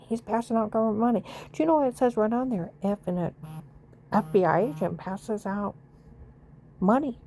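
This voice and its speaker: A woman with a dark, mellow voice rants to the camera in a long angry monologue. She is from the United States, swears freely and keeps circling back to the same accusations. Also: medium pitch, a little hiss or hum. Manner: ranting, rambling accusations, swears and repeats herself.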